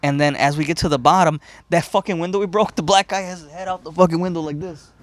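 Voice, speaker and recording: A man's voice: a little high, fairly even intonation, fast, crowd noise. A man from Chicago hosting a podcast, telling a story casually and profanely, rambling and laughing as he goes. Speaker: podcast host.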